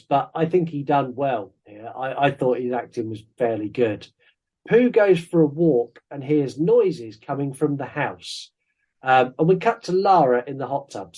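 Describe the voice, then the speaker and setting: A man's voice: medium pitch, expressive, normal speed, a little mellow, breathy edge. A man co-hosting a podcast, chatting casually and jokingly as he reviews a horror film. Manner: rambling, jokey, self-interrupting. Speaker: podcast co-host.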